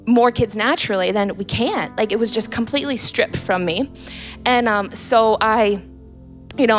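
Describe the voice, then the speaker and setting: A woman in her thirties telling a candid personal faith story. She laughs often and restarts her sentences. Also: a little high. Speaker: guest sharing a personal story.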